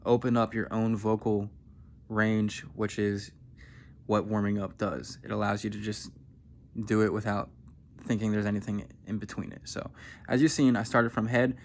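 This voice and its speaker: A man giving a vocal warm-up lesson as a voice coach, explaining and demonstrating techniques. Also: fairly low pitch, little pitch movement, normal speed. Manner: instructive, demonstrating sounds.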